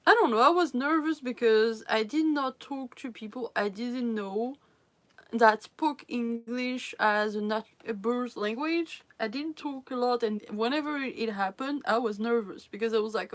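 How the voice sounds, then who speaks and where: Chatting unhurriedly with viewers on her livestream, a woman whose first language is French speaks in a fairly high voice. Her laughter breaks up her phrases, and she keeps restarting sentences as she searches for the right English words.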